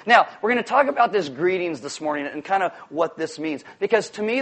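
Animated high-voiced male pastor. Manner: animated, jokey, acts out voices. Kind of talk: sermon.

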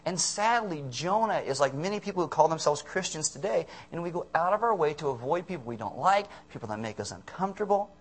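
A male preacher gives a relaxed, animated sermon in an everyday conversational tone. His voice sits a bit high for a man, and he often breaks into little acted-out voices. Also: fast, few pauses, breathy edge. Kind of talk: casual sermon.

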